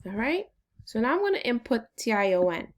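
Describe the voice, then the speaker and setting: A woman teacher leading a phonics lesson for children, slowly and encouragingly sounding out syllables. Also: fairly high pitch, big pitch swings.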